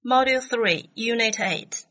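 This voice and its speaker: A woman reading numbered items from an English listening test, each phrase slow, carefully spaced and evenly paced. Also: a little high, fairly bright tone, poor audio.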